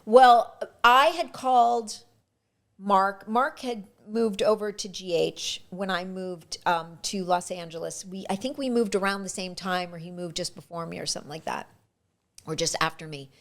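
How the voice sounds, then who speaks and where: An actress telling lively stories about her auditions and career in a casual interview. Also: medium pitch, moderate pace. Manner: lively anecdotal, frequent restarts. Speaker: actress guest.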